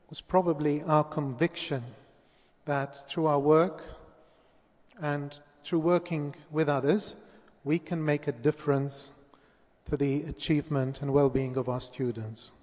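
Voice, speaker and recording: A man giving a formal presentation at a conference, speaking in a measured way with occasional restarts. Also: fairly high pitch, fairly even intonation, darkish tone. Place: large conference hall. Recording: echoey hall, long reverb.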